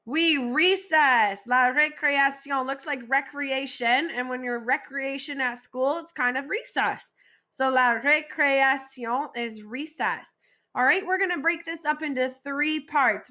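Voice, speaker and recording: Bright, high-voiced woman teaching vocabulary. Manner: slow, clearly modeled pronunciation with call-and-repeat drills. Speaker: French teacher. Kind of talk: recorded vocabulary lesson.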